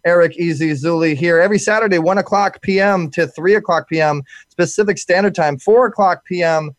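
A man hosting a live talk radio show, wrapping up with energetic, fast shout-outs and frequent repeated words. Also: high-pitched, no echo, clean studio sound.

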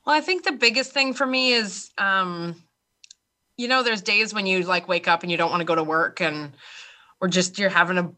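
A young woman, a radio host who is this episode's guest, answering interview questions in quick, excitable casual chat and laughing often. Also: medium pitch.

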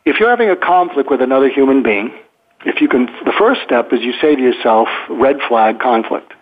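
A man's voice: mid-range voice, animated, quick pace. An older man, a psychiatrist guest, explaining at length in a rambling way with many fillers and restarts. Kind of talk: casual explanatory interview talk. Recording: tinny phone line.

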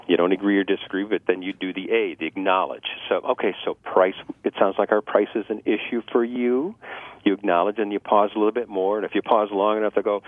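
Male sales trainer guest, quick and animated, acts out customer voices, somewhat low voice, tinny phone-line radio sound. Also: dry recording. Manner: lively, acts out customer dialogue, laughs at own jokes. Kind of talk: radio talk giving sales tips.

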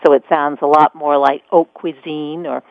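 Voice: medium pitch, level tone, moderate pace, gravelly, no echo, highs cut off. Radio host, chatty, rambles into questions, thin phone-band sound, dry. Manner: conversational, thinks aloud with fillers. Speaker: radio talk show host. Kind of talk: radio interview.

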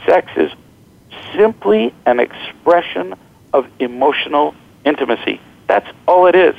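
Gravelly middle-aged man telling stories. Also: on the high side, measured pace, narrow, tinny audio. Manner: animated, joking, acts out quoted voices. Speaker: author and guest. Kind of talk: storytelling interview talk.

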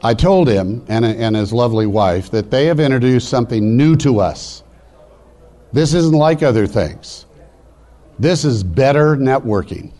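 A middle-aged man speaking at a live business networking event, preachy and rapid-fire, urging the crowd on. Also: mid-range voice, lively intonation, dark tone. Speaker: motivational speaker. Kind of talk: live stage speech. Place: event hall.

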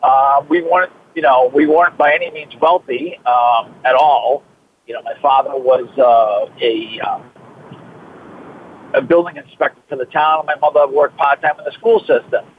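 A man's voice: medium pitch, moderate pace. A man in his fifties from Massachusetts with a Boston accent, a guest talking at length in a chatty way with many fillers. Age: 50s. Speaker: guest, trainer and author. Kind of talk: interview over the phone. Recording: tinny phone line with faint hiss.

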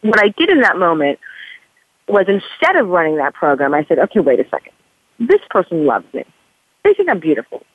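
A woman's voice: fairly low pitch, huge pitch swings, brisk, slightly rough, dry recording. A woman in her forties, an author guest in a podcast interview, talking in an earnest, rambling way with many fillers. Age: 40s. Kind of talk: candid podcast interview talk. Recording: dry phone-line sound.

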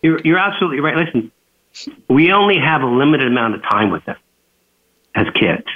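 A man's voice: medium pitch, fairly quick. Man telling stories over a tinny phone line. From California. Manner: animated storyteller who acts out quoted dialogue. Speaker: guest author. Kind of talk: radio interview storytelling.

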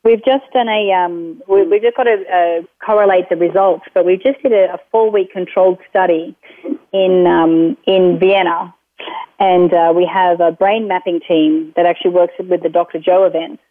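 Her pitch fairly low and her intonation fairly even, a woman guest who makes self-help programs describes them at a moderate pace in a phone interview. She rambles with many fillers and restarts, and the tinny line is dry with no room sound.

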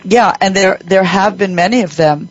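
A woman hosting a radio talk show, telling a workplace story with lively acted-out dialogue. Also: medium pitch, moderate pace, no echo, dull audio. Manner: animated storyteller, acts out quoted voices.

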